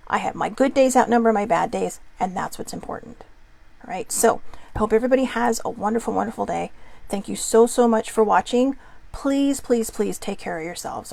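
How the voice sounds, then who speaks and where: A woman's voice: fairly high pitch, brisk, creaky, darkish tone, no room sound. A woman hosting her own talk show, speaking earnestly and from the heart about mental health, holding back tears. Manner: earnest and heartfelt, tender at times. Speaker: host. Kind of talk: personal vlog monologue.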